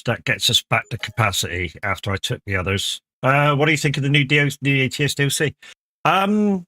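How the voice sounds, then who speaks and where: Bright-voiced laid-back male streamer. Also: medium pitch. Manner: laid-back, swears freely, chats with viewers. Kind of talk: casual live gameplay chat.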